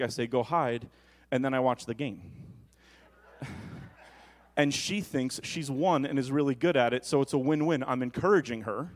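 A pastor delivers a sermon in a mid-range male voice, building to loud, emphatic lines and then easing into joking asides.

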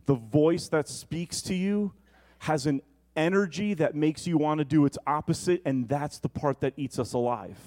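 Man, preacher, lively sermon, mid-pitched voice, talks straight to the congregation. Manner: animated preaching, asks the congregation questions.

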